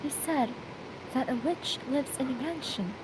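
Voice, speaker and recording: A woman's voice: sits high, unhurried, noisy background. A woman voicing a timid, polite young woman who speaks formally and hesitantly, in an amateur game read-through.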